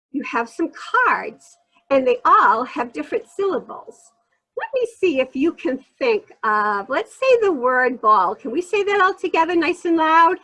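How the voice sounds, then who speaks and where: A woman demonstrating early reading games to young children in an animated, sing-song teacher voice with excited gasps. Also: high voice, rough recording.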